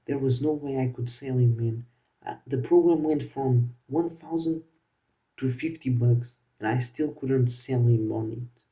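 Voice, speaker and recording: Young male vlogger, casual and slangy, dark voice, slightly distant mic. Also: mid-range voice, measured pace. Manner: slangy, keeps saying "bro". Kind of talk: casual storytelling to camera.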